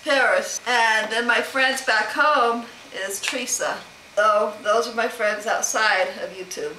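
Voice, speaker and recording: Chatty middle-aged woman, slow and unhurried, bright tone, roomy echo. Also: fairly high pitch, slight background noise. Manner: chatty, rambling, laughs often. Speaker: vlogger answering a question tag. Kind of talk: casual chat to camera. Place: home room.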